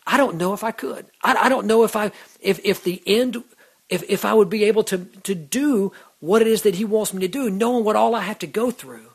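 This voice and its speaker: Speaking fairly quickly in a high voice with a breathy edge, a Christian radio host offers a casual devotional talk. He comes across as earnest, with lots of "you know" and restarted phrases.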